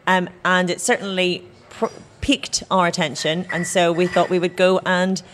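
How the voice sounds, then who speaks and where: A woman's voice: fairly low pitch, fairly even intonation, moderate pace, fairly bright tone, a little hiss or hum. A woman co-hosting a podcast, bantering and laughing in casual chat. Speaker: podcast co-host.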